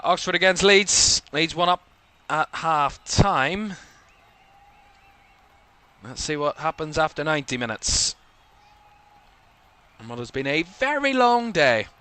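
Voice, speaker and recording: A man's voice: fairly high pitch, bright, forceful tone, clear, resonant tone. A man with a Northern Irish accent from Belfast, hosting live watchalong commentary in a rambling way, full of fillers. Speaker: host.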